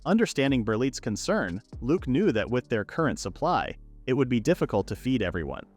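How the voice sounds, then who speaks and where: A man narrates a story recap in a steady, scripted read. His pitch moves up and down in a lively way. Soft music plays quietly underneath. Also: brisk. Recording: narration with faint background music.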